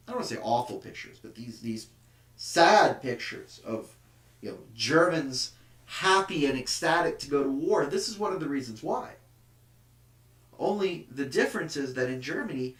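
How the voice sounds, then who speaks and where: A man's voice: mid-range voice, a bit bright. A man teaching a history lesson. He is emphatic and at times takes on the rousing tone of a nationalist orator. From United States. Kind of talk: classroom lecture. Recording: echoey room, mic at a distance.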